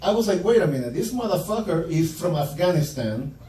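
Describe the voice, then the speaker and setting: A man's voice: on the high side, very animated, fairly quick, a little hiss or hum. A male stand-up comedian doing a profane, punchy set and acting out quotes from his stories. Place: comedy club stage. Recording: roomy club sound from far off, loud crowd laughter. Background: audience laughing.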